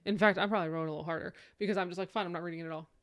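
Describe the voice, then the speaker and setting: A woman co-hosting a book podcast in casual chat, animated and acting out quoted lines. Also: rapid-fire. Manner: animated storyteller, acts out quotes in high voice. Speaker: podcast co-host.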